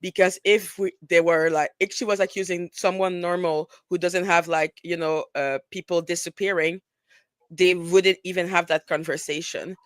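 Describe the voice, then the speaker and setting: A woman's voice: on the low side, fairly even intonation, normal speed, no room sound. A woman with a French accent co-hosting a podcast, reading news aloud carefully and then commenting on it. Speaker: podcast co-host.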